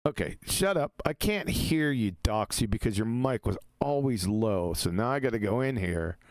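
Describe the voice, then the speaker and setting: A man co-hosting a casual live stream, mocking and laughing often, with quick asides. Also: fairly low pitch, expressive, no room sound. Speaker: co-host.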